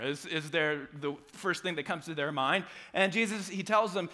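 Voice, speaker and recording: A man preaching a sermon, moving from hushed, quiet passages to loud, animated retellings. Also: high-pitched, normal speed, few pauses. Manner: dynamic preaching, drops to soft quiet passages and rises to loud acted quotes. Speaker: pastor.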